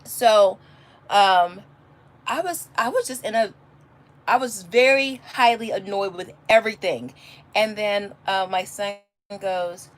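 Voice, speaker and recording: A woman's voice: medium pitch, slow pace. A homeschooling mother chatting casually on a livestream, telling rambling stories full of restarts. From California. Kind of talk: casual live chat. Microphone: phone or webcam, answering a live chat.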